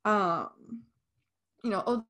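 A young woman co-hosting a podcast, reviewing a film in casual, animated talk with opinionated and sarcastic asides. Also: mid-range voice, takes it slowly. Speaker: podcast co-host.

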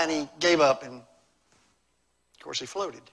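Forceful, emphatic man preaching a revival sermon. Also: on the high side, expressive, unhurried, long pauses. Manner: emphatic, swinging from loud exclamations to hushed appeals. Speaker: evangelist preacher. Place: church sanctuary.

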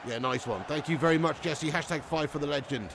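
Give me an excitable man calling a game live for his stream, with plenty of background noise. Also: fairly high pitch, fairly quick, a crowd in the background. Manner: excitable, yells at the game, chats to viewers. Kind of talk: live gaming stream commentary.

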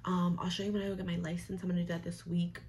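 A woman's voice: on the low side, little pitch movement, rapid-fire, a little mellow, a little hiss or hum. A young woman chatting casually to camera in her vlog, talking straight to her viewers and now and then dropping into a whisper. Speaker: vlogger. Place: home and club dressing room.

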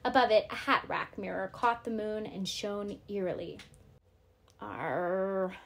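A woman teacher reading a novel aloud to her class, steady and clear. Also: medium pitch, moderate pace.

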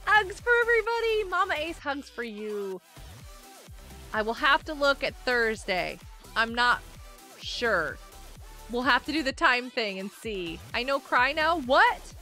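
A woman's voice: sits high, sing-song, unhurried, pushed and bright, faint music behind. A woman hosting a casual gaming livestream, chatting with viewers, giggling often and reading out chat messages. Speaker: livestream host.

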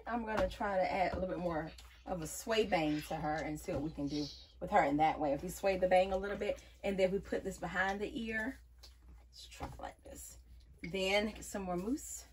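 A woman's voice: fairly low pitch, a little fast, a little mellow, slight background noise. A woman vlogging a wig review in a casual, playful way, often calling viewers y'all. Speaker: beauty vlogger.

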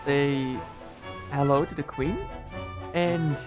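A man's voice: on the high side, fairly even intonation, slow pace. A young man talking casually over his gameplay, rambling and joking to himself, with game music behind. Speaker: gameplay streamer.

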